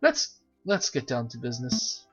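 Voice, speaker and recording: A game player voicing an earnest, dignified male falcon lawyer who talks in a measured, formal way, on a slightly dull lo-fi recording. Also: medium pitch, wildly swooping pitch, a bit bright, breathy edge, soft background music, heavily acted.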